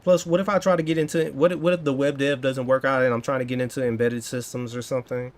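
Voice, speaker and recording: Talking fast with a flat delivery at medium pitch, this man in his thirties, a coding vlogger, banters with his live audience. His manner is jokey and playful, occasionally breaking into exaggerated dramatics.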